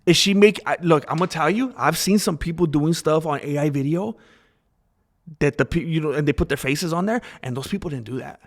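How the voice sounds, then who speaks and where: A man hosting a casual opinion commentary, talking in an animated, repetitive way and acting out the voices of people he quotes. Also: a little high, a little fast. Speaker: commentary channel host.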